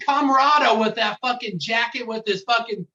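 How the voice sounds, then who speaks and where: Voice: medium pitch, brisk, crowd noise. A co-host in a casual podcast chat who makes crude jokes. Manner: crude, joking. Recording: distant, dull lo-fi sound.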